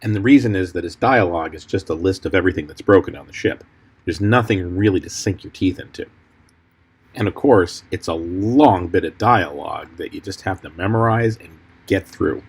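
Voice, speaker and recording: A film editor walks through his cuts in a measured, explanatory tone. His voice is very deep and husky. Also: poor audio. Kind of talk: commentary over film clips.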